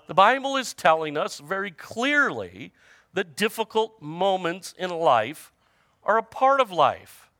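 A man preaching to a congregation in a conversational way, joking with the listeners and calling out for their response. His voice sits high and swings widely in pitch. It is bright and close, with a dry sound. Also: sing-song, a little slow, dry recording. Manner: conversational preaching with humor and audience call-outs. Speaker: pastor. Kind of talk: sermon.

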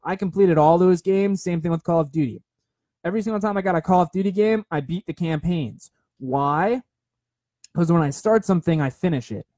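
A man's voice: high-pitched, brisk, warm tone, no room sound. A young man talking casually and rambling, who keeps repeating himself and checking in with "right?". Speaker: speaker sharing a motivational story. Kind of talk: casual monologue.

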